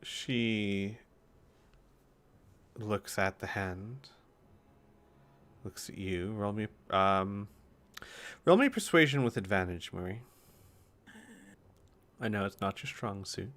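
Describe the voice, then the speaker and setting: A man running a tabletop game as game master, describing scenes in a calm, measured way. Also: fairly low pitch.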